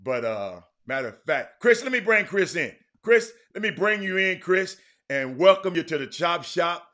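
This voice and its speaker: A man hosting a casual livestream sports talk show, rambling and animated, with frequent restarts and fillers. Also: high voice, moderate pace.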